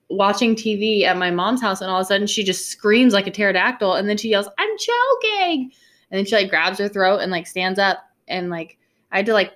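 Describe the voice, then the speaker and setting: A woman's voice: medium pitch, fairly bright tone. Wry, weary woman swearing casually. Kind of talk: casual chat.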